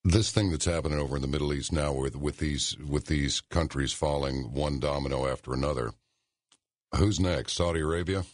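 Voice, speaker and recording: A man's voice: very deep voice, moderate pace, no echo, studio quality. A male radio host asking a guest probing, direct questions. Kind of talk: radio interview.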